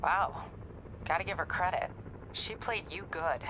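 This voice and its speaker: A woman voicing a brisk female police captain in a video game, speaking dryly over a radio. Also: lowish voice, animated, noisy background, close to an everyday voice.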